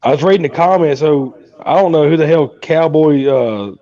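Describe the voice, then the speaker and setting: A man's voice: fairly high pitch, moderate pace, warm tone, no room sound, dull audio. A man from Georgia with a Southern accent, a guest chatting casually, laid-back and swearing freely. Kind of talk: casual chat.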